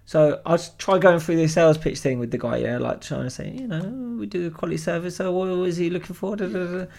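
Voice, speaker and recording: A young man telling a story on a podcast in an animated, swearing way. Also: on the high side, quick pace, vocal fry. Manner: animated, swears freely, acts out voices. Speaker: podcast co-host. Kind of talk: casual storytelling chat.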